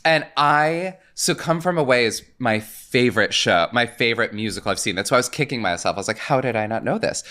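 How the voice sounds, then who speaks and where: A man co-hosting a podcast in casual chat, animated and laughing often as he tells a story. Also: mid-range voice, brisk, few pauses. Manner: animated, laughs often, slips into quoted voices. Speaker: podcast co-host.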